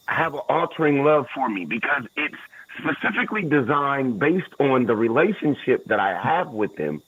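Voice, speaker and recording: Man, podcast co-host, husky, reflective tone, dry room, slightly muffled sound. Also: a little high, no room sound. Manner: earnest, reflective. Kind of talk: casual chat. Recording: dry, slightly dull audio.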